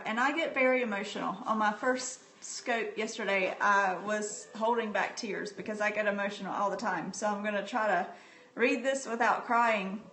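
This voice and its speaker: Recorded on a phone in an echoey room with slight hiss or hum, a middle-aged woman shares books on a casual live stream. She has a mid-range, fairly bright voice and speaks in a chatty, heartfelt manner, often saying um.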